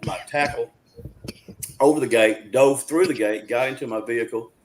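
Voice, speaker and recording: A man's voice: medium pitch, moderate pace, a little hiss or hum. A man, telling a story as an interview guest in an earnest, folksy way, with frequent restarts. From Arkansas, USA. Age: 60s.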